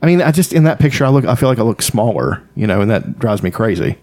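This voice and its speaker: A man's voice: fairly low pitch, very animated, quick pace, darkish tone. A man in casual podcast chat, blunt and profane, telling stories with animation. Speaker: podcast co-host.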